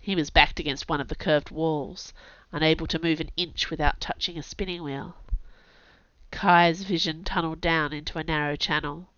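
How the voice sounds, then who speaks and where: A woman, an author and podcast host, narrating a story aloud in a lively, expressive way, on a dull lo-fi recording. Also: low-pitched, normal speed, clear, resonant tone, dry recording. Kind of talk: scripted audiobook narration. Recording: dull lo-fi sound.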